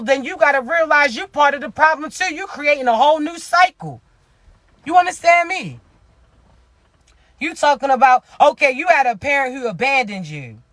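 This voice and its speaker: A woman with a very high, bright and sharp voice gives a casual spiritual reading. She talks bluntly, swearing freely and preaching straight at her listener, in a dry, close sound with no room echo. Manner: acts out imagined people's words. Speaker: spiritual reader. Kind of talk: casual motivational monologue.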